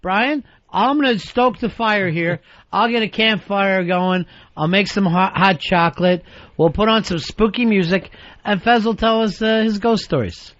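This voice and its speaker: Male talk radio host, higher voice, swears a lot, exasperated rants, dry dull studio sound. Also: unhurried, a bit bright, dry recording. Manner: profane, mock-exasperated rants. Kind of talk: radio talk show banter.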